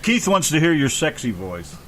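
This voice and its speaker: A man's voice: a little high, sing-song, moderate pace, a crowd in the background. A man co-hosting a radio talk show, throwing in crude, wisecracking one-liners. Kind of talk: casual radio banter.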